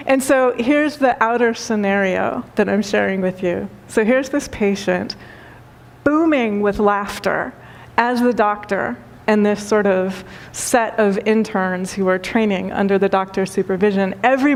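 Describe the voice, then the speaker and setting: A woman spiritual teacher giving a talk and telling a story, speaking gently with repeated phrases and frequent laughter. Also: a little high. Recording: long hall reverb.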